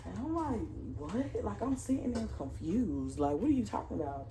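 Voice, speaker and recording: A woman's voice: medium pitch, moderate pace, hardly any pauses, slight background noise. A young woman vlogger telling a family story in a casual, profane, slang-heavy way and. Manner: profane, animated retelling with slang.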